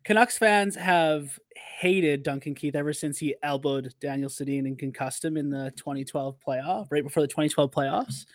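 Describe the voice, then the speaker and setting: A man co-hosting a podcast, telling a story in a casual, animated way with frequent fillers. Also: on the high side, moderate pace, hardly any pauses, no room sound. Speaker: podcast co-host.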